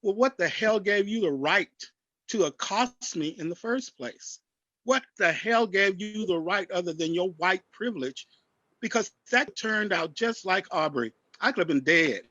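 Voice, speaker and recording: A man on a discussion panel, speaking in an impassioned, forceful way over a video call. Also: sits high, lively intonation, a little slow, no room sound, lo-fi sound.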